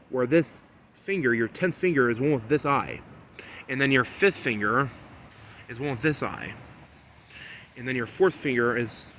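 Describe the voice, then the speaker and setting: A man in a rambling solo monologue, repeating himself and swinging between low muttering and loud, insistent scolding. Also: slight background noise. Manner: repetitive, talks about himself in the third person. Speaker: vlogger.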